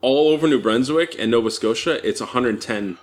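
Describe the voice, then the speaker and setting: A man from Quebec co-hosting a casual podcast, talking in a relaxed, reflective way and working through his theories. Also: mid-range voice, a little fast. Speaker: podcast co-host. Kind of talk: casual chat.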